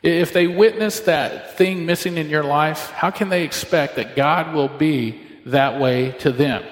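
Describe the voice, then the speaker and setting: A male pastor delivering a sermon, storytelling and slipping into little acted voices for the people in his anecdotes. His voice sits a bit high for a man, and it rings out through a roomy hall with a long reverb tail. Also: a little slow. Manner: storytelling, acts out dialogue with shifting voices.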